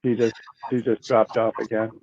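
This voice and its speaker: A man's voice: lowish voice, level tone, normal speed. An older man hosting a live psychic show, chatty and repeating himself as he greets a caller over a video call. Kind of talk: casual live-stream chat. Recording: tinny phone-like call audio with faint noise.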